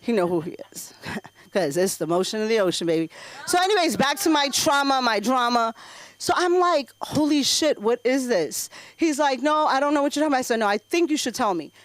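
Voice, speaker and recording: A woman doing an open mic stand-up set in a small comedy club, telling brash, profane stories in an animated way. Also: fairly high pitch, normal speed, dry recording. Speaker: stand-up comic.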